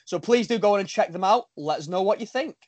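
This is a Liverpool man co-hosting a relaxed podcast with a friend. His voice sits high for a man. He talks in an upbeat, chatty way and often stumbles and restarts his words. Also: fast talker. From Liverpool, England. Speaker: podcast co-host. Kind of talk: casual podcast chat.

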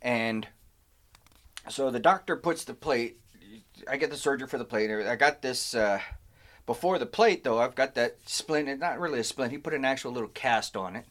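A man in casual conversation, winding through a long anecdote with restarts and asides. His voice sits at an ordinary middle pitch, and he tells the story in a relaxed, conversational way. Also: normal speed. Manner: rambling, animated anecdote with self-interruptions. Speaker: podcast co-host telling a story.

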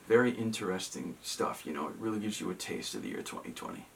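A man's voice: sits low, sing-song, fast, gravelly, far from the mic, slight background noise. A young man from Massachusetts telling a story in casual chat, rambling and self-mocking, with many ums and restarts.

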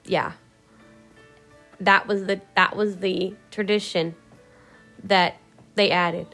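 A woman talks to her camera in a loose, rambling way, swearing freely and breaking into laughs. Her voice sits in a middle pitch, and soft music plays faintly behind her. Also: fairly even intonation, slow. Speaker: vlogger. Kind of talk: casual emotional storytelling.

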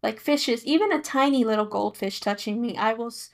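A woman's voice: on the high side, fairly quick, gravelly. Emphatic young woman co-host. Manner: emphatic, insistent, with repeated restarts. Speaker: podcast co-host, daughter. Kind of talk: casual chat.

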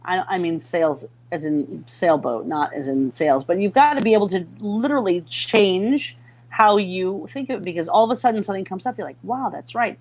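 A woman's voice: fairly low pitch, brisk, a little hiss or hum. Chatty middle-aged woman telling stories. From Minnesota. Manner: animated, acts out quoted voices, many restarts. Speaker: podcast guest. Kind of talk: casual storytelling chat.

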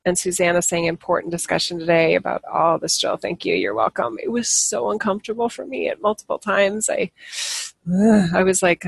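Gravelly-voiced woman chatting to viewers. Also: lowish voice, steady tone, moderate pace, no echo. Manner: rambling, self-correcting, laughs at herself. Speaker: livestream host. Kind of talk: casual spiritual talk to live viewers.

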